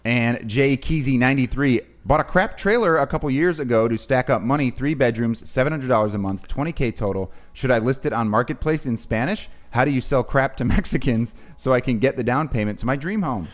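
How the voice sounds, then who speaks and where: A man's voice: medium pitch, fairly quick, hardly any pauses. A man co-hosting a podcast, reading listener messages aloud in a dry, laid-back way.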